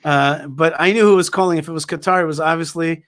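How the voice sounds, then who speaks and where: A man with a slightly raised voice tells a story in conversation. He is emphatic and forceful in his points, often repeating words and restarting his sentences as he goes. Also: a little high, fairly even intonation, fast. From Israel. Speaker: guest speaker.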